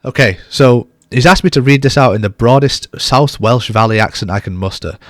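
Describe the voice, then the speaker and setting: A man's voice: medium pitch, brisk, a bit bright, no room sound, clean studio sound. A man co-hosting a podcast, chatting casually in a bantering, self-deprecating way. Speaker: podcast co-host.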